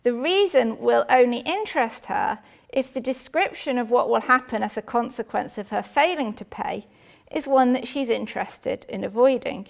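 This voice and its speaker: A woman giving a measured academic philosophy lecture in a lecture hall. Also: a little high, creaky. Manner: measured, reads out quotations.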